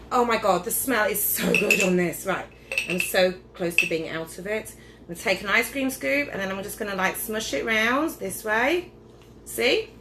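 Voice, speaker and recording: A woman's voice: mid-range voice, noisy background. A tipsy woman chatting her way through a casual cooking demonstration at home, rambling and losing her train of thought. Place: home kitchen, indoors. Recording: echoey kitchen with clattering dishes.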